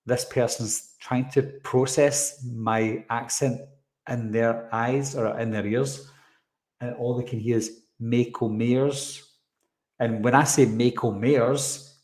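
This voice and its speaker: In a roomy, echoey recording, a male live-streamer chats his way through viewer comments, reading them out and replying casually with lots of fillers and rambling. His mid-range voice has a slightly mellow quality.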